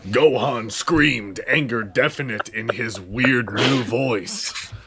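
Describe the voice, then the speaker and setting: A man narrating a comedic fan-fiction reading as podcast host, in a wry, deadpan manner. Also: mid-range voice, slow pace, creaky, a crowd in the background.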